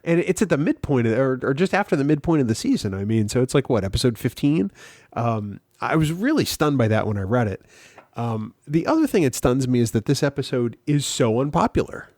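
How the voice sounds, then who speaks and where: Male podcast co-host, mid pitch, dry close sound, measured and explanatory. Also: big pitch swings, a little mellow, dry recording. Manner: thoughtful, explains with everyday comparisons, many ums. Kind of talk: casual podcast chat.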